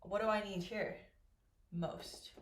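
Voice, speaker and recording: A woman teaching English grammar, explaining slowly and patiently and asking learners questions as she goes. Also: mid-range voice, steady tone. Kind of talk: slow, clear classroom explanation. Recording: echoey room with faint noise.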